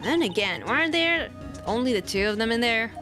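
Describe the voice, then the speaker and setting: A woman's voice: on the high side, big pitch swings, brisk. A woman voicing a brash, nosy Southern photographer with a put-on Southern accent, over game music. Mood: folksy. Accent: attempted Southern US.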